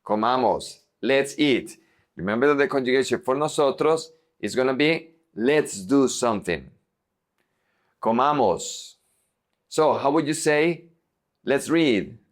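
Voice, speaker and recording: A male teacher giving a language lesson at a slow, unhurried pace. He says each example word deliberately and repeats it so learners can follow, with a voice pitched in the ordinary middle range for a man. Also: lively intonation. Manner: slow, deliberate modeling of words. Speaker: Spanish teacher.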